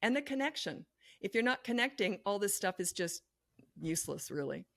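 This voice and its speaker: A middle-aged woman giving blunt, no-nonsense parenting advice as a podcast guest, telling lively stories. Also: mid-range voice, normal speed, gravelly, dry recording, clean studio sound. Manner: lively, acts out quoted voices. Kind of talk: podcast interview.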